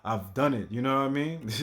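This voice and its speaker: A man giving casual reaction commentary in a slow, laid-back way, repeating himself. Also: mid-range voice. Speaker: reaction video host.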